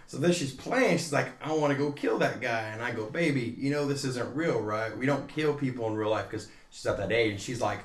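A man's voice: medium pitch, animated, fast, hardly any pauses, a bit bright, echoey room. A man casually telling stories among friends, acting out quotes in changing voices. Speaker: podcast co-host. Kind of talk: casual storytelling chat.

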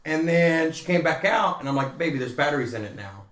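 A man's voice: a little high, expressive, brisk, fairly bright tone, roomy sound. A man casually telling stories among friends, acting out quotes in changing voices. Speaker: podcast co-host. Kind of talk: casual storytelling chat.

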